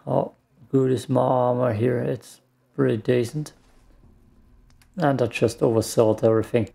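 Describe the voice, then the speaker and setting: A man's voice: mid-range voice, steady tone, takes it slowly, gravelly, long pauses, warm tone. A man mutters casual gameplay commentary to himself while he plays, with some mild swearing. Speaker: gaming streamer.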